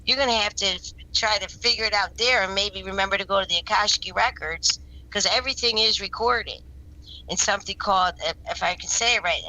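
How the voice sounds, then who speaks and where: A woman with a bright, forceful voice speaks as a guest on an interview show. She tells her experiences in an earnest, rambling way. She often restarts her sentences and repeats words as she goes. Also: medium pitch, brisk, low-quality recording. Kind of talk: casual spoken storytelling.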